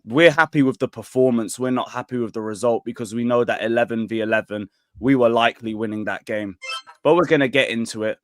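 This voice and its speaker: A man's voice: mid-range voice, brisk, no echo, clean studio sound. A man on a football podcast giving taunting, boastful fan banter. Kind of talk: casual chat.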